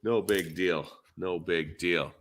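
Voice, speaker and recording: A man's voice: low voice, fairly even intonation, slow pace, noisy background. A man with a Minnesotan accent in a laid-back, rambling, jokey podcast chat, talking shop as a dent repair technician. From Minnesota, USA.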